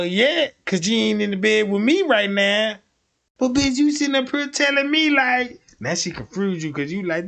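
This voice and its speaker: A man livestreaming, telling stories casually in heavy street slang and acting out the voices of the people in them. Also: high-pitched. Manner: animated, acts out voices of people in his stories. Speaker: livestream host.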